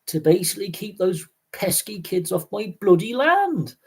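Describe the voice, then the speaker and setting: A man voicing a grumpy rural landowner with a put-on West Country English accent, gruff about kids on his land. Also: sits high, very animated, moderate pace, pitched above the performer's own voice, heavily acted. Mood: grumbling.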